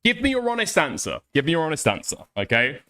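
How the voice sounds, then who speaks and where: A British streamer with a bright, ringing tone whose voice swings widely up and down. He talks in casual live-stream style, swearing often and putting on sarcastic outrage. The delivery is loose and chatty. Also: fairly high pitch, huge pitch swings, quick pace. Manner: sweary, sarcastic, mock-indignant. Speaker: streamer reacting to a video.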